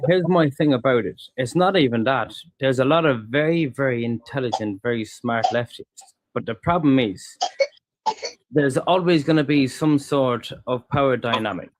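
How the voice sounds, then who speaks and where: A man's voice: mid-range voice, normal speed. Earnest man over a noisy mic. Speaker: chat participant. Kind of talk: casual political talk.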